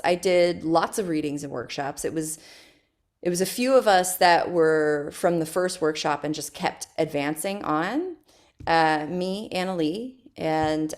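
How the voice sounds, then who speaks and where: A woman with a notably low speaking voice chats as an interview guest. She tells her stories in an animated, casual way and breaks into laughter often. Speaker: guest, stage actress.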